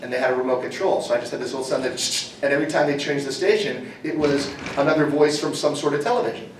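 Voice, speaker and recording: A man voice actor answering fan questions on a convention panel, an animated storyteller who cracks jokes. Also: medium pitch, a little hiss or hum. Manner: animated storyteller, quick jokes, slips into impressions. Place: convention hall. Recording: echoey hall, mic far off.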